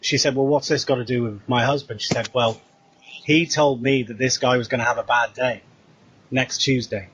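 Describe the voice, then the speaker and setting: A man's voice: mid-range voice, moderate pace, a little hiss or hum, rough recording. A British man casually retelling a story, acting out the dialogue as he goes. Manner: animated retelling with quoted dialogue. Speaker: co-host.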